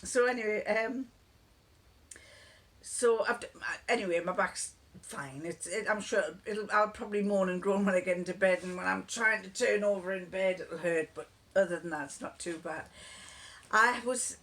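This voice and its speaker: In a mid-range, slightly bright voice at normal speed, a woman vlogs casually to the camera. Her homely stories ramble and digress, punctuated by frequent laughter.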